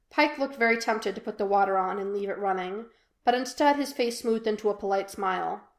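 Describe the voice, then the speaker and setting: A woman reading a fan fiction audiobook in an even, unhurried storytelling voice. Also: medium pitch. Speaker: podfic reader. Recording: echoey room.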